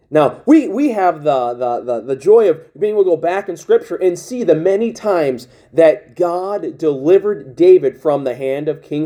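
Male preacher, fairly high pitched and mellow-toned, reading scripture with halting restarts. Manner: reads King James scripture aloud, restarts often. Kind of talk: sermon.

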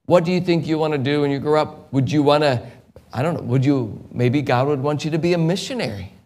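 A middle-aged man preaching a sermon as an evangelist, swinging from quiet storytelling to loud, impassioned peaks. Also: a little high, a little fast.

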